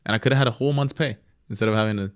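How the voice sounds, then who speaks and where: A young man, a professional goalkeeper, telling stories in a casual interview, reflective and lively when he acts out what others said. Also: fairly low pitch, very fast, clean tone, no room sound, studio quality.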